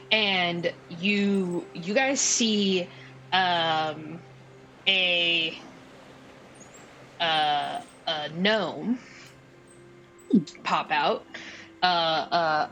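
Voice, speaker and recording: A woman narrating a tabletop game as game master, unhurried, with many fillers and restarts. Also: fairly low pitch, fairly bright tone, a little hiss or hum, poor audio.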